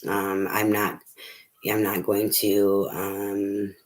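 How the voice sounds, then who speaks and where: A man's voice: fairly low pitch, monotone, very slow. A middle-aged man, a tarot reader, talking casually and candidly to his viewers, rambling with many fillers and restarts and the odd swear word. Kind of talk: casual personal talk to viewers.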